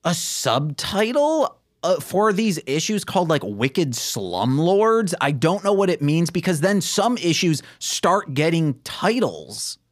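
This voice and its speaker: Podcast co-host, jokey recap reader, very animated intonation. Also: medium pitch, slow pace, hardly any pauses. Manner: lively, jokey, reads prepared recaps. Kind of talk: casual chat about comics.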